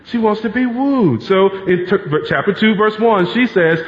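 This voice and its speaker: A man's voice: high voice, expressive, normal speed, hardly any pauses. Man preaching in an echoing hall. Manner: conversational preaching, repeats key phrases for emphasis. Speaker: pastor. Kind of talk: sermon. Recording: reverberant hall, dull lo-fi sound.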